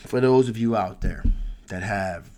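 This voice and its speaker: A man hosting his channel, telling a personal story in a casual, animated way, swearing freely. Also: on the low side, measured pace, a little hiss or hum. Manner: animated, profane, laughs through the story. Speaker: tarot reader and channel host.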